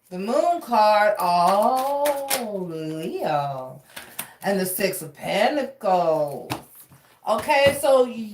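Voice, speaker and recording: A woman's voice: a little high, distant mic. A woman doing a casual tarot reading, talking frankly, cursing freely and calling listeners baby. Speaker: tarot reader. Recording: roomy, away from mic.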